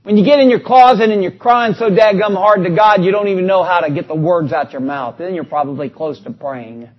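A man's voice: high voice, brisk, muffled recording. A man preaching a sermon, talking to the congregation in a conversational way and reading out scripture.

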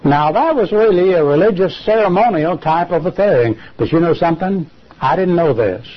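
A man preaching a sermon on television, emphatic, with rhetorical questions and sudden jumps in pitch. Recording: lo-fi television broadcast.

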